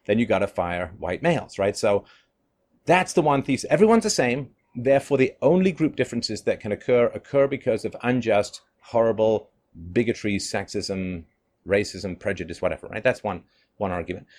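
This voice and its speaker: Lowish in pitch and moderate in pace, this middle-aged man's monologue commentary is lively. He keeps breaking into laughter and mockingly imitating what other people say.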